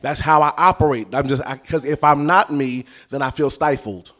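A man preaching a teaching sermon with a fairly high voice that climbs into shouts and half-sung lines. His speech is folksy and colloquial, full of punchy repetition. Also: fairly even intonation, normal speed. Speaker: prophetic ministry teacher.

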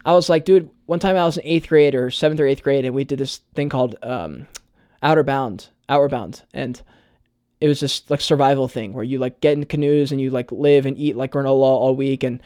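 A man's voice: medium pitch, a little fast, dark tone, no echo, clean studio sound. A young man talking in a casual vlog monologue, earnest and full of "like" and swearing. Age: young adult. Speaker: YouTuber.

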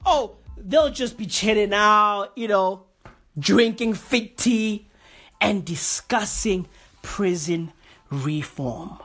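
A woman doing an excitable, profane comedic rant, packed with repeated slang catchphrases and sudden comic pitch jumps. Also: slow, breathy edge, faint music behind.

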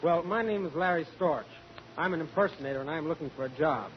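Casting: polite eager impersonator guy, highish voice, muffled old radio broadcast. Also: fast talker, slight background noise. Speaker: impersonator guest. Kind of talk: 1940s radio comedy.

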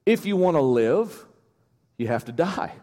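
A male pastor delivering a sermon, emphatic and building to near-shouting, with restarts and chuckles. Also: fairly high pitch, animated, a little slow. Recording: long church-hall reverb.

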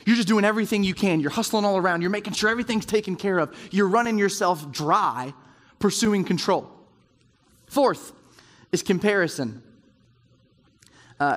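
A man with a high voice preaches in a conversational way to a roomful of men at round tables, slipping into quoted inner voices to make his points. His words carry a long hall reverb behind them. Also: moderate pace, fairly bright tone. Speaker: speaker at a men's group. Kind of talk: sermon. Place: large room with round tables.

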